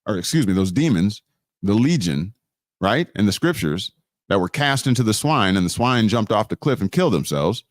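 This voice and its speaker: A man's voice: on the low side, expressive, normal speed, dry recording, studio quality. A man hosting a live online teaching, preaching about law and scripture with emphatic repetition and frequent restarts. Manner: preachy, emphatic, repeats key phrases. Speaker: host of a live teaching stream.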